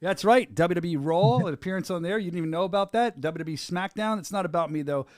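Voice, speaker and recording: A man's voice: high voice, quick pace, no echo, clean studio sound. A middle-aged man hosting a casual podcast, joking and laughing often. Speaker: podcast host.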